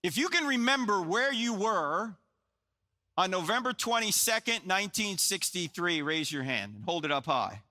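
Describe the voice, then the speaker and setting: This New Jersey man in his sixties has a high-pitched voice and a normal pace as he lectures on Christian apologetics before a crowd in a large hall. Animated and jokey, he acts out conversations, and the room adds long reverb.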